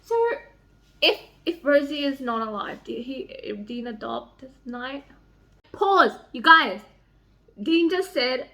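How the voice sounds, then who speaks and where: A woman's voice: sits high, lively intonation, slow, bright, forceful tone. A young woman talking casually in a book vlog, emotional and rambling, swearing a lot. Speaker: book vlogger.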